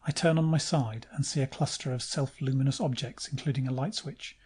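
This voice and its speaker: Male audiobook narrator, dark mellow tone, measured first-person reading. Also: mid-range voice, fairly even intonation, breathy edge.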